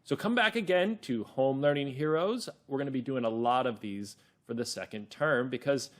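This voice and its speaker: A man's voice: mid-range voice, normal speed. A man teaching children, reading a story aloud, explaining words and encouraging them.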